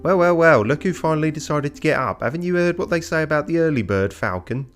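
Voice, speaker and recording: A man's voice: on the high side, expressive, fast, soft background music, pitched above the performer's own voice, lightly acted. A man putting on a brash cocky sparrow sidekick. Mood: teasing.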